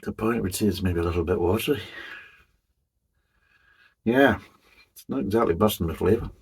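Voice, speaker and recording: A man's voice: fairly low pitch, moderate pace, breathy edge. A middle-aged man reviewing a beer in a chatty, rambling way, swearing casually as he goes.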